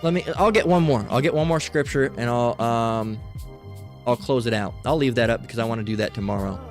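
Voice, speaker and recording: A man's voice: mid-range voice, a little fast, faint music behind. A man preaching in a loose, informal sermon, blunt and profane, often repeating "all right" as he talks.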